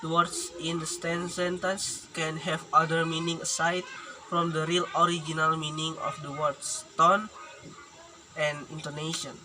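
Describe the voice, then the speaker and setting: A man's voice: fairly high pitch, little pitch movement. Indonesian student man reading a lesson, noisy room. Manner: careful, halting reading with restarts and slow demonstrated words. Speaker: student presenter. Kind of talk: read academic presentation. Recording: room with audible background noise.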